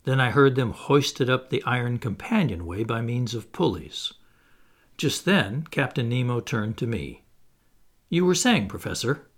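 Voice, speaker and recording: In a measured, expressive way, a medium-pitched man reads a classic novel aloud in the first person as an audiobook narrator.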